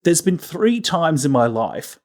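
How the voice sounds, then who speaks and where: A man's voice: on the high side, very animated, unhurried, a little mellow. An Australian man co-hosting a film podcast, making dry, sardonic jokes in casual banter. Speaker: podcast co-host. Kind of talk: casual film-review chat.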